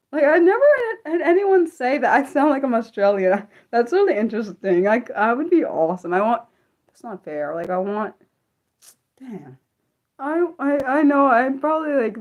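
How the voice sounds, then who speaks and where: A woman hosting an unscripted livestream, rambling with lots of fillers and sudden jumps in pitch. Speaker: livestream host.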